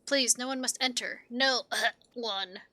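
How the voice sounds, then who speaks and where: A woman's voice: on the high side, no room sound. Faint pleading wounded girl, as a woman reads her. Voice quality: faint, soft-spoken. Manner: hesitant, halting pleas. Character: young woman hiding wounded in a tent, pleading.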